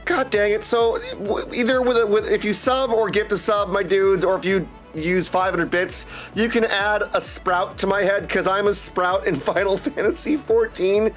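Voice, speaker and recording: A man chatting excitably with his viewers on a live stream, full of catchphrases. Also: sits high, moderate pace, few pauses, faint music behind. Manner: excitable, chatty, keeps saying my dudes. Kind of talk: casual live-stream chat.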